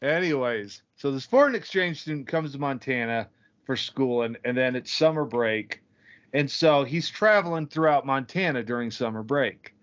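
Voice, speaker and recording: Swearing podcast host, lo-fi sound. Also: male voice, medium pitch, lively intonation, moderate pace, fairly bright tone, smooth. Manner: swearing, easily exasperated. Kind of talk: casual chat, telling a joke. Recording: dull lo-fi podcast audio.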